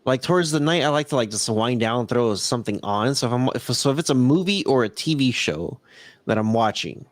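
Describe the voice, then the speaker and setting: A man's voice: medium pitch, expressive, brisk, no room sound. A man with a Southern Californian accent, co-hosting a casual live-streamed podcast, rambling and laughing often as he reads out chat messages. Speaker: podcast co-host.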